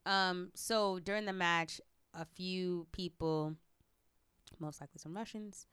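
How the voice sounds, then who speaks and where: A woman co-hosting a podcast in casual chat, chatty and quick to laugh. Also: lowish voice, fairly even intonation, fairly bright tone, smooth, no echo. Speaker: podcast co-host.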